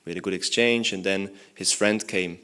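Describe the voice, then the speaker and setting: A man's voice: low voice, steady tone, moderate pace, pushed and bright, clean tone. A young man, a monk, giving a morning lecture in a temple, telling a story in a loose, conversational way with many "you know"s. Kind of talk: storytelling sermon.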